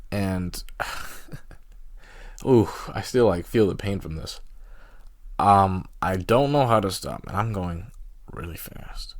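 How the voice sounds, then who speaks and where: A man's voice: low-pitched, animated, takes it slowly, pauses often, dry recording, studio quality. A young man hosting a solo podcast, telling a story casually with lots of fillers and laughing at himself. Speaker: podcast host.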